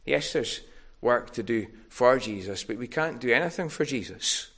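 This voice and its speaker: A man's voice: mid-range voice, expressive, moderate pace, a bit bright, slightly rough. A man preaching a sermon, earnest and tender, building to emphatic peaks.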